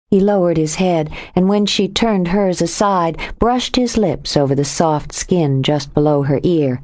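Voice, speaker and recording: A woman reads the narration of a romance audiobook in a lowish voice. Her delivery is steady and expressive, carrying the story forward at an even pace. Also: measured pace. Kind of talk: scripted narration.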